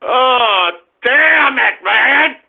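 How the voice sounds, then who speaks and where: A man hosting a radio show, ranting at callers in an exasperated, shouting manner with lots of swearing. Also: extremely high pitch, expressive, drawn-out words, vocal fry. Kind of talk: ranting call-in radio talk. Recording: lo-fi phone-like audio.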